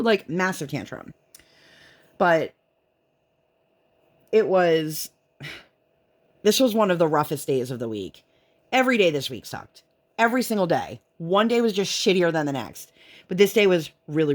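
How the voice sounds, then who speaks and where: A woman vlogger and mother chatting casually while she works on a craft, rambling and leaning on "like" a lot. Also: on the low side. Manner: rambling, chatty, heavy use of "like".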